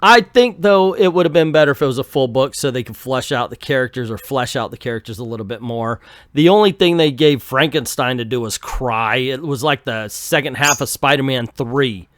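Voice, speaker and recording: A man's voice: medium pitch, brisk, fairly bright tone, dry recording, studio quality. A man reading through and reviewing an old comic book in a jokey, casual way.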